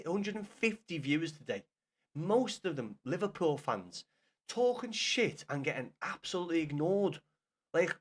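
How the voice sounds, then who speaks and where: Chatty Scouse man, slightly high voice. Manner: chatty, swears freely, talks straight to chat. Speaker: gaming streamer. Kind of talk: casual live-stream chat while gaming.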